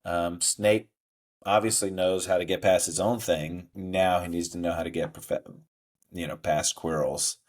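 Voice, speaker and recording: A man's voice: deep voice, fairly even intonation, measured pace. A man co-hosting a podcast in casual chat, rambling and hesitant, fond of quoting movies. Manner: rambling, hesitant, many fillers and restarts, quotes movies. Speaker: podcast co-host.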